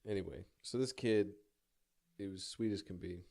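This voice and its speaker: A man's voice: low voice, moderate pace, darkish tone. A young man telling a personal story in a rambling, self-deprecating way, swearing casually and stumbling through many restarts.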